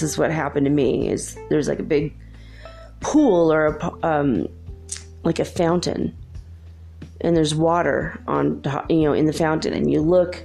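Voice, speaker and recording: A woman with a somewhat low voice narrates a spiritual story in a casual, unscripted way. She sounds earnest and reassuring and leans on fillers as she goes. Faint music plays underneath. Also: vocal fry, dark tone. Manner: earnest and reassuring, many fillers like "like" and "you know". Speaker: podcast host.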